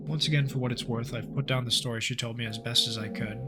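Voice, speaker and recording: A man's voice: medium pitch, steady tone, fast, few pauses, heavy background noise. A man streaming a horror game, reading its story text aloud and joking casually as he plays. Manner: casual and jokey, with swearing asides. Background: game music.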